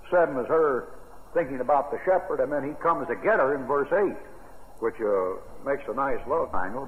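An older American man preaching a sermon on Bible verses in a folksy, rambling way. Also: medium pitch. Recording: tinny old radio broadcast with long reverb.

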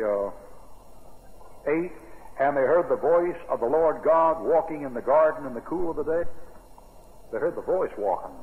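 A man's voice: fairly high pitch, a little hiss or hum. An older American man preaching a sermon on Bible verses in a folksy, rambling way. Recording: tinny old radio broadcast with long reverb.

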